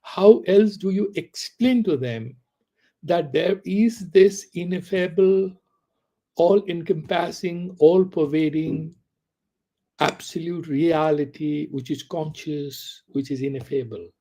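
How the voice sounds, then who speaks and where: A man's voice: a little high, takes it slowly, dark tone. A man teaching a philosophy class, reciting Sanskrit verses and asking rhetorical questions. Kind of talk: class lecture.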